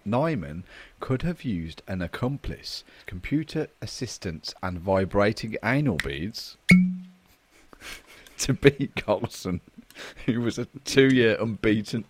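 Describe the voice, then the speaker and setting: A man's voice: on the low side, no echo. A man co-hosting a casual comedy podcast, reading news stories aloud with crude banter and breaking into laughter. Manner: reads quickly, laughs through lines, crude banter. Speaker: podcast co-host.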